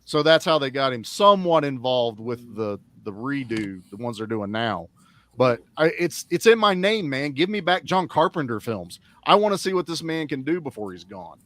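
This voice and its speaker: A man co-hosting a casual film chat, animated and acting out quotes in funny voices. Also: medium pitch, normal speed, dry recording. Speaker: podcast co-host.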